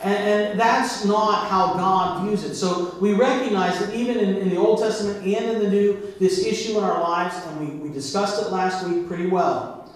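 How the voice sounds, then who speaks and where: Male pastor, higher voice, preaching and quizzing the congregation; distant mic in a booming hall. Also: moderate pace. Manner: preaching with call-and-response questions to the congregation. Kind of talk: sermon. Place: church sanctuary. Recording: very echoey church from far off.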